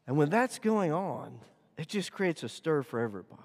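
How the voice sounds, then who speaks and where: A man preaching a sermon, animated and rising and falling for emphasis, in a church sanctuary. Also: on the high side, moderate pace. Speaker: pastor. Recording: long hall reverb.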